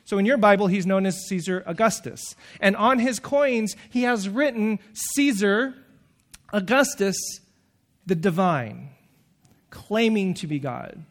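High-voiced, animated male preacher. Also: measured pace. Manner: animated, acts out quoted voices. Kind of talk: sermon.

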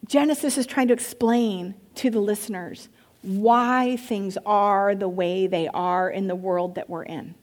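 A woman's voice: medium pitch, measured pace. A woman pastor giving a sermon, reading scripture and breaking into conversational, playful asides.

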